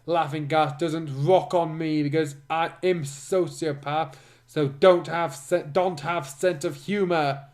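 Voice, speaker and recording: An aloof male detective who talks slowly and flatly, full of his own superiority, as a man reads him aloud. The tone is haughty. It comes from a mock reading of a fan story. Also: a little high. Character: cold, arrogant male detective.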